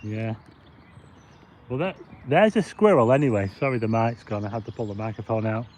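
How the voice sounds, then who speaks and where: A man's voice: lowish voice, moderate pace, darkish tone, slight background noise. A man hosting a live walking vlog in a city park, chatting loosely to viewers and greeting them as he goes, on a plug-in mic attached to a phone. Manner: chatty and rambling, greets viewers and reads out chat. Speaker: livestream host. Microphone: plug-in mic on a phone with a stabilizer.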